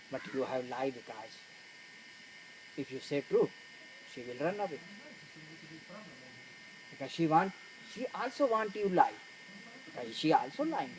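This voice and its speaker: A man's voice: on the high side, sing-song, measured pace, pauses often, noisy background. A man, not a native English speaker, gives a spiritual talk in broken English, retelling a film story and quoting its characters to meditation students. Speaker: spiritual teacher. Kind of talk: spoken discourse to meditation students.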